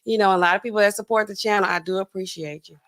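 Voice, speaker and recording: A woman pharmacist hosting a casual livestream, chatting to viewers and acting out customers in quick asides. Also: medium pitch, fairly even intonation, noisy background.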